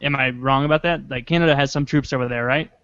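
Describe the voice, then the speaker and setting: A man's voice: mid-range voice, steady tone, quick pace, a bit bright, no room sound, dull audio. A young man co-hosting a casual chat, rambling and sarcastic with plenty of swearing.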